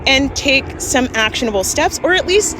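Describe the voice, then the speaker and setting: A woman's voice: high-pitched, lively intonation, normal speed, noisy background. A woman, telling an emphatic vlog story with laughs, recorded on a phone outdoors. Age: 40s. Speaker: vlogger. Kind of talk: ranting vlog.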